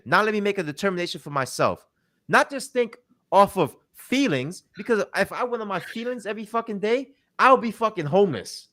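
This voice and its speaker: Man, high voice, heated rant, profane, emphatic, mocking. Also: animated, moderate pace, a bit bright. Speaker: commentator.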